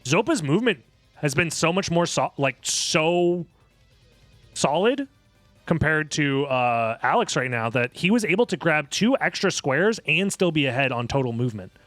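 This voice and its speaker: A young man casually commentating a live video game tournament in a rambling, jokey, excitable way. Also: on the high side, normal speed, no room sound, soft background music.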